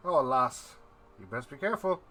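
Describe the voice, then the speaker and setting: A man's voice: medium pitch, big pitch swings, moderate pace, bright, forceful tone. A man doing a showy, cordial gambler. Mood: smooth. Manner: cordial, showy, calls people lass.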